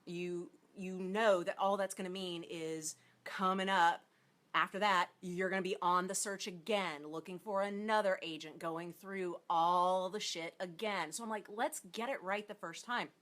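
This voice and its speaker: A woman's voice: on the low side, steady tone, measured pace, fairly bright tone. A woman hosting a casual livestream as an acting coach, bubbly and chatty, greeting viewers by name as she talks. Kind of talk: casual live-stream chat.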